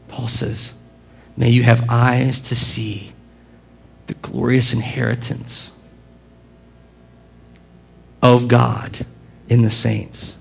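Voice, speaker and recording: Gravelly-voiced man preaching a sermon. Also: medium pitch, slow pace. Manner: earnest, expressive preaching with quiet drops and emphatic rises. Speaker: pastor.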